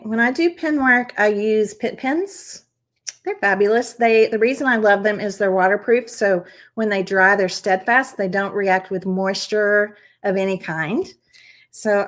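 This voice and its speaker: Woman, craft stream host, chatty and encouraging, talks through each step. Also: mid-range voice. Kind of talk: live craft stream chat and demonstration.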